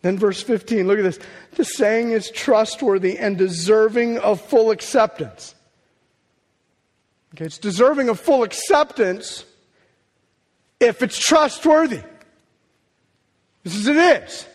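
A pastor preaching a sermon, talking emphatically and swinging between hushed and loud passages. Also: male voice, sits high, measured pace, pauses often, in a large hall.

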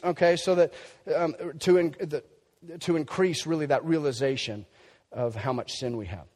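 Pastor guy preaching, kinda high voice, big echo in the hall. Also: lively intonation, moderate pace. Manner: emphatic, conversational preaching with wide swings in loudness. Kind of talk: sermon. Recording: long hall reverb.

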